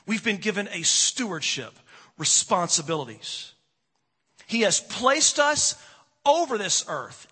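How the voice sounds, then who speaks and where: A male pastor preaching with a bright, husky, fairly high voice that rises and falls widely. He leans into dramatic pauses and swings between strong emphasis and quiet asides. The sound rings out with the long reverb of a large hall. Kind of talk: sermon.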